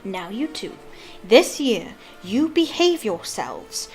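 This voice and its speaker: A woman's voice: sits high, big pitch swings, moderate pace, soft background music, pitched above the performer's own voice. A woman voicing a fussing, motherly woman who scolds her sons. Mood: scolding.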